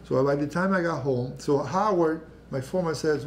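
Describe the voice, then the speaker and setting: An older man whose first language is Spanish, telling his life story at an oral history panel, halting and restarting often and acting out the people he quotes. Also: a little high, slight background noise. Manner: halting, many restarts, acts out quoted voices. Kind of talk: personal storytelling.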